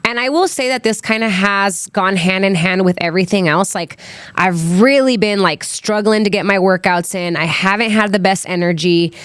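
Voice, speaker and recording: Chatty young woman podcaster, smooth voice. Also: medium pitch, fairly bright tone, no echo. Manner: candid, chatty, frequent "like" and "um". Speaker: podcast host. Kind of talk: casual solo podcast storytelling.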